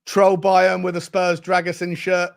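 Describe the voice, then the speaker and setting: An excitable man hosting a football fan live stream. He laughs often, bursts into cheers and reads out viewers' comments in casual chat. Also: high voice, unhurried, vocal fry. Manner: excitable, laughs a lot, shouts out chat names.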